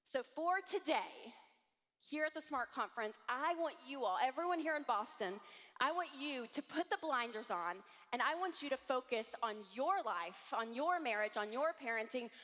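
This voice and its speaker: A woman in her thirties giving an animated conference talk to a live audience, acting out voices as she tells stories. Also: sits high, normal speed. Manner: animated, acts out quoted voices. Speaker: conference speaker. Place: large hall with audience. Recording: long hall reverb.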